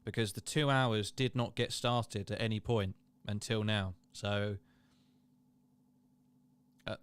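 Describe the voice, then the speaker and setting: A man's voice: lowish voice, fairly even intonation, takes it slowly, long pauses, clean tone, no room sound. A man hosting a casual live watchalong, chatting and reading viewer comments aloud. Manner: chatty, reads chat aloud, laughs and exclaims. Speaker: livestream host.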